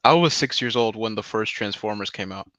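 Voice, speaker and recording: A man's voice: on the low side, fairly quick, bright, forceful tone, dry recording. A man in his twenties chatting casually on a live voice call, rambling in slang with lots of "like" and "bro". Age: 20s. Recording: dull lo-fi mic.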